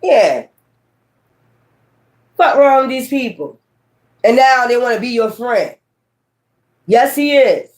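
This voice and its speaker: A woman's voice: on the high side, expressive, a little slow, long pauses, darkish tone. Blunt, profane woman tarot reader. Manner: repetitive, talks straight to viewers. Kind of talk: casual tarot reading chat.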